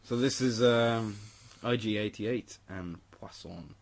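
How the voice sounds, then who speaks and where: A man's voice: on the low side, slow. A young man presenting a radio show, chatting casually and enthusiastically about electronic tracks and laughing easily.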